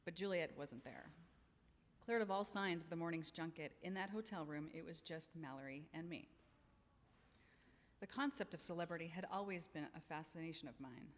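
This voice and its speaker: A woman's voice: low voice, moderate pace, big-room sound. A woman author at a library event, introducing her story with hesitant fillers, then reading it steadily. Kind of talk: live fiction reading with introduction.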